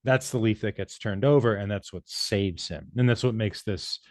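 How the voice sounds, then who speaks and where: A man's voice: on the low side, normal speed, no room sound, studio quality. A man co-hosting a podcast, explaining ideas in a thoughtful, casual way. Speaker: podcast co-host. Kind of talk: casual chat.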